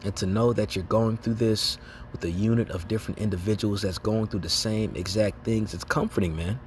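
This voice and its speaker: Low-voiced man preaching in casual slang. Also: fairly even intonation, brisk, slight background noise. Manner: laughs and acts out reactions. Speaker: lay preacher. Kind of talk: informal religious exhortation.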